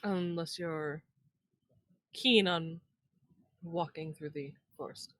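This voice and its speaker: A woman's voice: sits low, slow pace, fairly bright tone, no echo. A woman playing a tabletop game, chatting casually and joking at her own expense. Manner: chatty, self-deprecating, laughs at herself. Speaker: player. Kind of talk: casual tabletop role-play chat.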